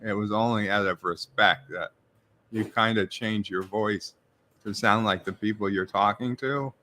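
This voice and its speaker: A man's voice: lowish voice, steady tone, a little slow, sharp tone, slight background noise. A middle-aged man with a New York accent hosting a live stream, reading viewers' chat messages aloud and answering them casually. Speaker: livestream host reviewing a TV episode.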